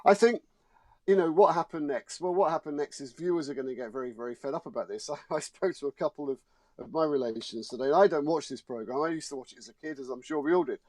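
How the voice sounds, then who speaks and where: A man's voice: a little high, fast talker, a little mellow, no room sound. A man, a showbiz journalist guest, arguing his point emphatically and indignantly in a studio discussion. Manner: emphatic, indignant, repeats words.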